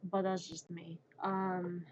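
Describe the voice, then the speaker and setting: A woman's voice: on the low side, flat delivery, slow pace, dull audio, slight background noise. A woman streamer in a casual chat who rambles, mocks herself and laughs at herself. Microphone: streaming microphone.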